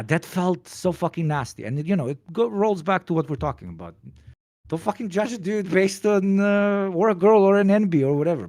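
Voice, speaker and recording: A man's voice: fairly high pitch, darkish tone, dry recording, studio quality. A young man chatting on a stream, telling a story in a loose, rambling way with lots of swearing and fillers. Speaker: stream guest. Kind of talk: casual storytelling chat.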